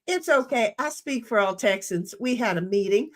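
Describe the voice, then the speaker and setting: A woman's voice: a little high, lively intonation, normal speed. An older woman co-hosting a casual livestream, reading chat messages aloud in playful voices.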